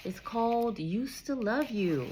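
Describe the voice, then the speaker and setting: A woman gives a casual spiritual card reading to an unseen "somebody," reassuring them and often checking in with "okay?" Her voice is a little high and animated, her pace slow, and the background is noisy.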